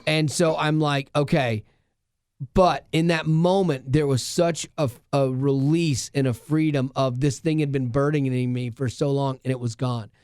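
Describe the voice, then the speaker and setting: A man's voice: medium pitch, steady tone, moderate pace, hardly any pauses, darkish tone, clean tone, no echo, studio quality. A man co-hosting a casual podcast, telling a personal story earnestly, with many restarts and asides. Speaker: radio show co-host.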